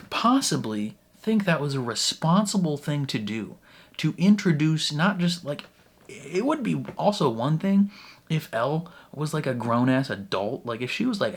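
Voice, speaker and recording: A man hosting a reaction vlog in casual, animated talk, laughing between phrases and leaning heavily on "like" as a filler. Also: mid-range voice, unhurried. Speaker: reaction channel host.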